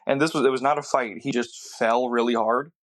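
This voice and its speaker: A relaxed man trades stories in casual podcast talk. He laughs along easily and keeps his replies short, at a mid-range pitch. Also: brisk.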